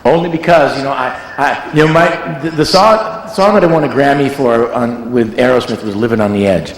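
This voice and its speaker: A man's voice: medium pitch, moderate pace, a little hiss or hum. A man who is a music producer, telling rambling, joking stories in a casual interview. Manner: rambling, animated storyteller, joking. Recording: echoey hall.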